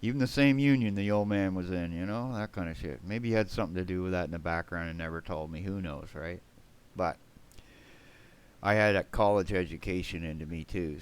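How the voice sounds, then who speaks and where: Rambling, blunt man, low smooth voice. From Canada. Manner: rambling and blunt, swears, keeps tagging "man" and "right?". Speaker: game streamer. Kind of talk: rambling livestream chat.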